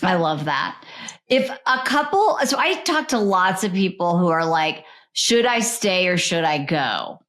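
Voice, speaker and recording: A woman's voice: fairly low pitch, very animated, unhurried, fairly bright tone. A woman hosting a podcast, chatting in an enthusiastic, rambling way. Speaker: podcast host. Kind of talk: casual interview chat.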